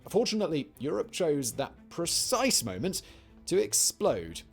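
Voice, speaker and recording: A man's voice: on the high side, very animated, a little slow, gravelly, breathy edge, soft background music. Wry male history narrator. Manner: wry, jokey asides. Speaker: documentary narrator.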